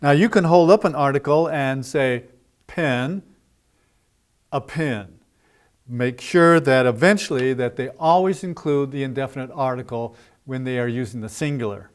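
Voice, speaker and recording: A man giving a teacher-training lesson, speaking in a loose, conversational way with "uh" fillers and modeling drill phrases slowly and deliberately. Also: mid-range voice, clear, resonant tone. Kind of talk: instructional talk to teachers.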